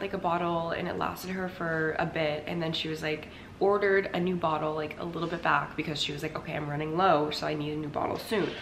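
A young adult lifestyle vlogger chats casually to camera at home, rambling and dropping "like" constantly. Her voice is lowish and a bit bright, and the recording has a roomy echo with faint noise.

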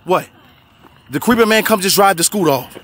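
A man hosting a family skit vlog, talking excitedly to a phone camera, often shouting. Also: high voice, a little fast, a little hiss or hum. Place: outdoors at night, then in a car.

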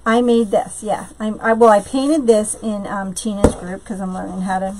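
A woman's voice: medium pitch, fairly even intonation, noisy background. A woman hosting a live craft tutorial from home, chatting with viewers and greeting them by name between steps, with lots of fillers. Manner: many fillers, slow drawn-out greetings. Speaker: craft live-stream host.

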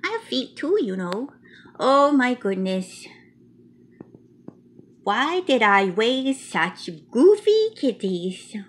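A woman's voice: on the high side, sing-song, takes it slowly, pauses often, heavily acted. A woman voicing a cute, chatty little male mouse who reads a picture book aloud in a childlike, playful way with broken grammar. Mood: cheerful. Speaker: storybook reader.

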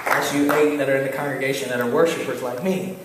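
A man preaching a sermon, animated storytelling with repeated calls to listen. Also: medium pitch, quick pace, a loud crowd, heavy background noise. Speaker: pastor. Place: church sanctuary. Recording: echoey church hall, mic far off.

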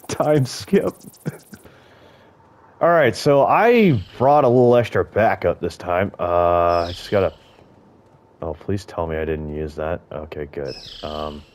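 A young man giving casual, profane gameplay commentary, joking and talking to the creatures on screen. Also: on the low side. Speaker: gaming YouTuber.

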